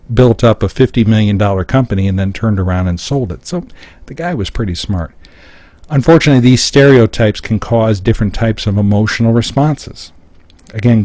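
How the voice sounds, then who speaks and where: This middle-aged American man, presenting a live seminar, explains step by step what's on his slides. He has a fairly low, warm voice, and the audio carries no room sound.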